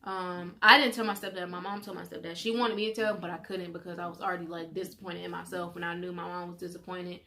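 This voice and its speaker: A teenage girl telling a personal story in a chatty vlog, animated as she quotes the people involved. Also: lowish voice, fast talker, few pauses. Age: teens. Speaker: vlogger.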